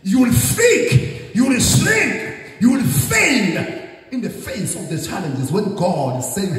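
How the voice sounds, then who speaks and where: A man with a high, animated voice preaches an emphatic sermon, repeating his points and prompting the congregation to respond. His voice is picked up from some distance and rings through a large, echoey hall. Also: slow. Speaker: bishop preaching.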